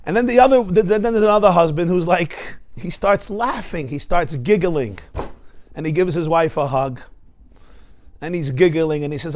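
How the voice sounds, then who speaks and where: Brief: male rabbi teaching, fairly high voice, lively storyteller with questions to the room. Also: normal speed. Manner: animated storytelling, rhetorical questions. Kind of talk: Torah class lecture.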